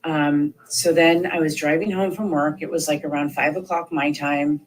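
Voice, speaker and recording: A woman's voice: low voice, steady tone, moderate pace, rough recording. A woman in her thirties giving a rambling, filler-heavy account in an interview, acting out the voices of people she quotes. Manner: rambling, many fillers, acts out quoted speech. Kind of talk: recounting events in an interview.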